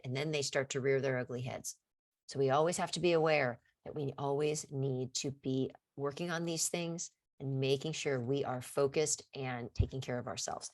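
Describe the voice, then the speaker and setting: A middle-aged woman with a low voice hosts a casual podcast Q&A. She talks in an earnest, encouraging way and often restarts her sentences as she thinks aloud. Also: fairly bright tone. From California. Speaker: podcast host.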